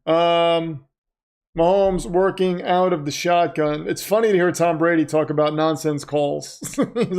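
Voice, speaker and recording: A man with a slightly high, somewhat mellow voice talks unhurriedly while hosting a live stream of a football game. He chats, reads viewer comments out loud, narrates plays as they happen and muses on unrelated topics.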